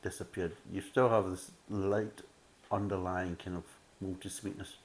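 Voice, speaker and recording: A man's voice: sits low, flat delivery, moderate pace, slight background noise. A man giving a casual, methodical beer tasting review, full of "kind of" fillers.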